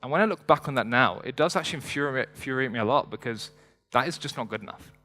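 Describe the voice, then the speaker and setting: A young man rattles through a motivational stage talk at a brisk clip. He stays energetic and conversational and tosses joking asides to the crowd. His voice rings out with a long reverb in a big hall. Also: medium pitch, soft background music. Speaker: motivational speaker. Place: stage before a live audience in a large hall.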